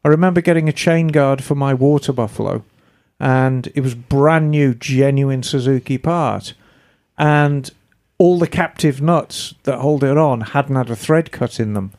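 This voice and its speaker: A woman's voice: rumbling low, unhurried, a little mellow. A woman co-hosting a podcast in easygoing casual chat, reading out listener emails and swearing now and then. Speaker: podcast co-host.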